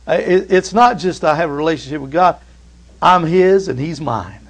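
Preaching man, hushed then rising. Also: a little high. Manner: swings from hushed, slow emphasis to loud, excited preaching. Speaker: pastor. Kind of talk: sermon.

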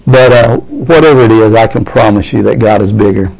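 Gravelly-voiced fervent preacher man. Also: on the low side, a little fast, poor audio. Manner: fervent, rising to excited preaching. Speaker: pastor. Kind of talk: sermon.

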